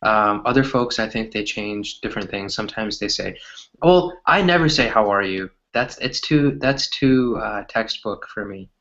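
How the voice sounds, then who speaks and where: A man tutoring English in a relaxed, chatty conversation, explaining with lots of examples. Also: on the low side, normal speed, creaky, highs cut off. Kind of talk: casual conversation lesson.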